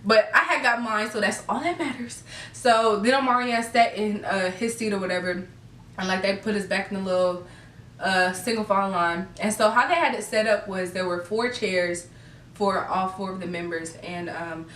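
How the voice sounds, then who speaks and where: A woman's voice: medium pitch, normal speed, a bit bright, slight background noise. A young woman, gushing and giggling as she tells her viewers a story in a casual vlog. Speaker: vlogger. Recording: echoey room, a bit far from the mic.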